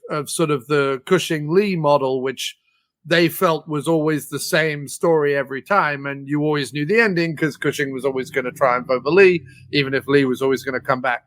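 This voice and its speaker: A man's voice: a little high, moderate pace, fairly bright tone, no echo. A man talking casually as a podcast guest, thoughtful and enthusiastic, with plenty of fillers. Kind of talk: casual film discussion.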